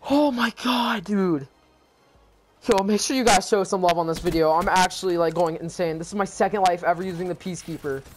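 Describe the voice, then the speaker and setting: A man giving excited gameplay commentary as a gaming YouTuber, stumbling over his words and repeating exclamations in disbelief. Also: sits high, a little fast, slight background noise.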